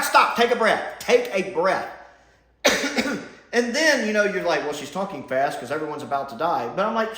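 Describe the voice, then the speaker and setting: Brief: male reviewer, fairly high voice, blunt and sarcastic, roomy echo. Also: fairly bright tone. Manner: blunt, sarcastic, mocking impressions. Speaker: TV episode reviewer. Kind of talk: casual spoken review. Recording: echoey room.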